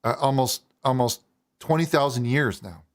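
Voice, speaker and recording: A man's voice: medium pitch, normal speed. A man hosting a live call-in talk show, chatting casually and prompting his caller with questions. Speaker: talk show host, pastor.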